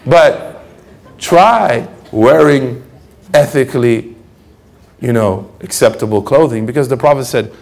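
Gravelly animated male preacher. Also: medium pitch, slow. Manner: animated, conversational, acts out quoted voices. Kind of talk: lecture sermon.

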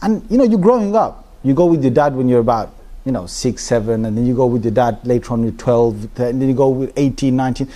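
A middle-aged man from the United Kingdom, telling stories to a congregation in an animated, humorous way. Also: medium pitch, fast. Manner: animated, humorous storytelling with frequent restarts. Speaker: Islamic speaker. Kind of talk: informal talk to a congregation.

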